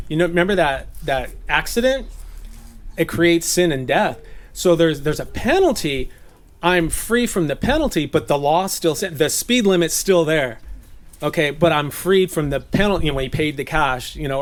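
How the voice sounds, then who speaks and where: A man's voice: fairly high pitch, expressive, moderate pace. A man raised in Southern California giving an informal, conversational Bible teaching, laughing at his own jokes.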